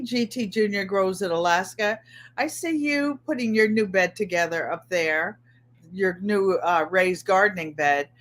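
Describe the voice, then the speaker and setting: A woman's voice: mid-range voice, fairly bright tone. A middle-aged woman hosting a casual livestream, greeting viewers by name and chatting about her week, often repeating her phrases. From Connecticut. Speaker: livestream host.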